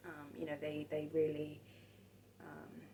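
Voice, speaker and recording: A woman talking casually about old horror films, soft-spoken and hesitant, with many pauses and restarts. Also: low voice, completely flat delivery, slight background noise, low-quality recording. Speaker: film vlogger.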